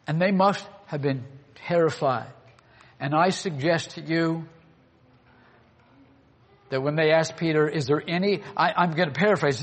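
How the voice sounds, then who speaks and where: A man's voice: a little high, measured pace, pauses often. A man preaching a sermon, earnest and full of rhetorical questions to the congregation. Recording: long hall reverb.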